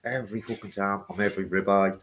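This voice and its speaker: A man, swearing constantly and bantering loudly as a guest on a casual live stream. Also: on the low side, steady tone, brisk, poor audio. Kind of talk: casual chat.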